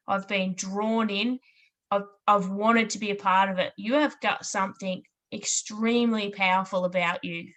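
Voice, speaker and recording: A woman's voice: medium pitch, bright, forceful tone. A woman hosting a podcast interview, effusive and openly moved by her guest. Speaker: podcast host. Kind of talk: interview chat.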